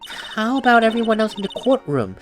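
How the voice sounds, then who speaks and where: A man's voice: high voice, very animated, a little fast, faint music behind, pitched above the performer's own voice. A man voicing a flustered, exasperated young male defense lawyer who stammers when caught off guard.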